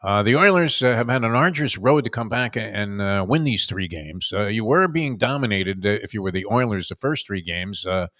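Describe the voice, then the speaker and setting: A man hosting a casual sports talk show, speaking haltingly with many fillers and sudden animated bursts. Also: fairly low pitch, no room sound, clean studio sound.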